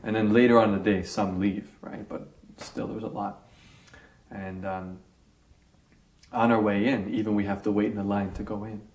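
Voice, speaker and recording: A man in an interview telling a personal story in an animated way, acting out scenes and pausing with fillers. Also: lowish voice, roomy sound.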